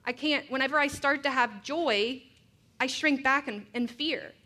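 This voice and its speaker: A woman's voice: sits high, unhurried, pushed and bright. A woman preaching a sermon, earnest and reflective, mixing scripture with personal stories.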